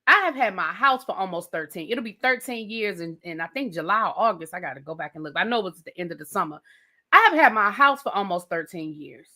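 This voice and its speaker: Sassy, bright-voiced woman ranting about TV. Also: medium pitch, fast talker. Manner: animated, blunt and sassy, swears freely. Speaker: TV show reviewer. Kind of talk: casual ranting commentary.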